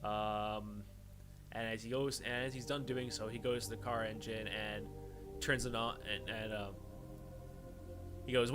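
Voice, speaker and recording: A man's voice: fairly low pitch, level tone, measured pace, pauses often, music in the background. A man narrating as game master for a tabletop game, casual and rambling, with frequent swearing.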